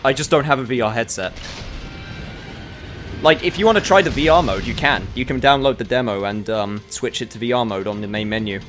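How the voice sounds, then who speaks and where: Male gamer, animated voice, excitable commentary, faint game music behind. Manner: excitable, enthusiastic, quick shifts in pitch. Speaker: streamer. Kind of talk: casual gameplay commentary.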